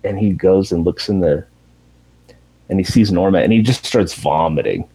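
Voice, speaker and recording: A man's voice: low-pitched, moderate pace, husky, rough recording. A man in casual chat, animatedly retelling a TV show's ending and swearing freely. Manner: animated storytelling with profanity, acting out characters in raised voices.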